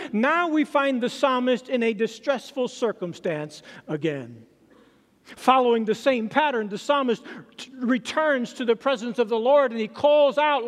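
High-voiced pastor preaching in a hall. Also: male voice. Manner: slow, dramatic delivery of scripture quotes with long pauses. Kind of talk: sermon. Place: church sanctuary. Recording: reverberant hall.

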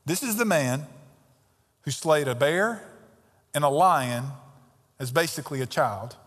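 A man's voice: a little high, lively intonation, a little slow, fairly bright tone. A man preaching a sermon as pastor, emphatic and conversational, with pointed rhetorical questions. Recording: long reverb of a large hall.

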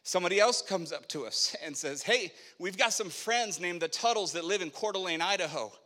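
A middle-aged man telling a personal faith story as a sermon, animated, acting out the dialogue of the people in it. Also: high-pitched, brisk. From Spokane, Washington, USA. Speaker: preacher telling his testimony. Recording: long echo of a hall.

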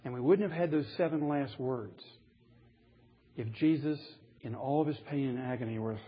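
Earnest male preacher, husky lo-fi sound. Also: mid-range voice, normal speed. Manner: earnest, rising to emphatic when reading scripture. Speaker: pastor. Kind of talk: sermon.

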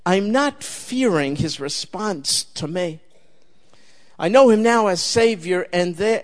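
A man's voice: sits high, animated, a little slow. An older man preaching a sermon, emphatic and conversational, often turning to the listeners with direct questions.

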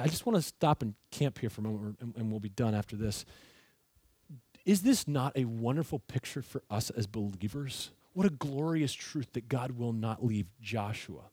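A man preaching an earnest sermon, dropping low and soft whenever he quotes God. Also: dry recording. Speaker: pastor.

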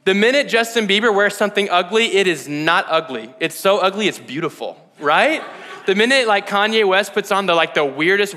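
Animated young man preaching in a reverberant hall. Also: high voice, brisk. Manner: casual, animated, slangy preaching with frequent "like" and "right?". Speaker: pastor. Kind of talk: sermon. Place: church hall.

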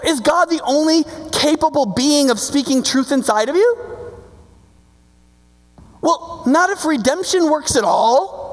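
Gravelly preacher in a reverberant hall. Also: male voice, extremely high pitch. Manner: conversational, animated preaching with frequent "right?". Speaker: pastor. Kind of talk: sermon.

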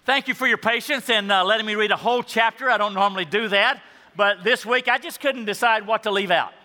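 A man's voice: high voice, fairly quick, sharp tone. A man preaching a sermon in a church, reading scripture and then driving his points home by repeating them. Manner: emphatic, repeats key points. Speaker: pastor. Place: church sanctuary. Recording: long reverb of a church hall.

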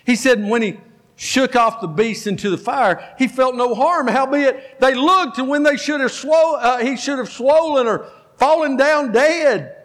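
Man in his fifties, pastor preaching, high voice, lots of reverb from the church hall; animated storyteller. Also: measured pace. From Georgia, US. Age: 50s. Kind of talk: sermon. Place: church sanctuary.

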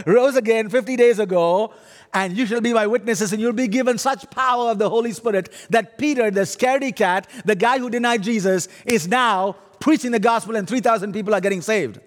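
Middle-aged Indian-accented man preaching, playful and animated, fairly high voice, long hall echo. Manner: humorous, animated, audience-teasing. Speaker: guest preacher. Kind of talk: sermon.

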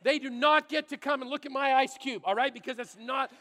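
A man from Canada, a pastor, giving a sermon through animated, exaggerated storytelling. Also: very high-pitched, fairly quick, in a large hall. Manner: animated, exaggerated storytelling that turns quiet and earnest.

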